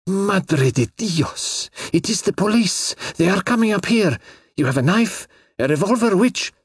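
A man voicing a frightened, pleading young foreign woman in a high, husky, breathless voice. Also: animated, normal speed, dry recording, studio quality. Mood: frantic.

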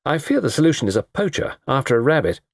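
A man doing a joking young gentleman. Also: medium pitch, very animated, fast, no echo, clean studio sound, voice pushed up. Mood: bantering. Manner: bantering, theatrical.

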